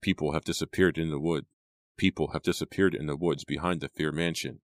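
A man's voice: very deep voice, steady tone, no room sound. A man doing a stern, angry father. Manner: slow, clenched, menacing. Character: stern angry middle-aged father, short and wiry.

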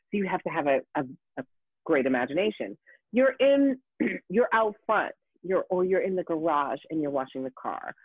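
Animated woman on a tinny line. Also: deep voice, no room sound. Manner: animated, profane, frequent fillers and restarts. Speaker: guest. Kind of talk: casual storytelling. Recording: tinny phone-like dry sound.

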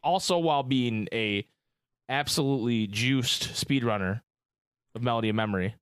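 A man's voice: mid-range voice, moderate pace, a bit bright, clean tone, no room sound, studio quality. Chatty, enthusiastic male podcast host. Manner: chatty and enthusiastic, hyping up guests. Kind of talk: casual podcast chat.

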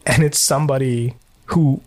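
A man hosting a casual watch-along, chatty and gossipy, quick to laugh. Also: medium pitch, fairly even intonation, a little mellow. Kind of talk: casual reaction chat.

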